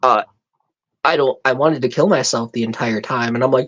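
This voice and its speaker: A woman hosting a live stream, telling a story in a profane, exasperated, animated way. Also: extremely low pitch, moderate pace. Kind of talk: casual storytelling rant. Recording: dull lo-fi stream audio.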